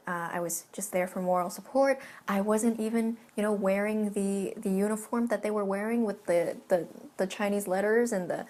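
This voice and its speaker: A woman's voice: medium pitch, darkish tone. A young woman from California talking in casual commentary, emphatic and ranting, swearing often. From California, United States. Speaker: vlogger.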